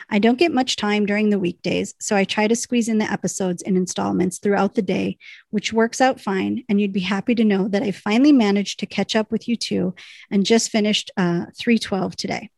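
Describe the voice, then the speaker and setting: In a dry recording, this podcast co-host speaks at medium pitch with a creaky, darkish tone. She chats in a relaxed way and reads out emails from listeners, laughing in bursts as she goes.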